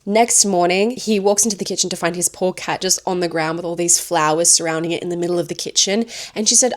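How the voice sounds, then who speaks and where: A woman's voice: lowish voice, fairly quick, hardly any pauses. A woman reviewing a horror film, chatting enthusiastically as she retells its plot scene by scene.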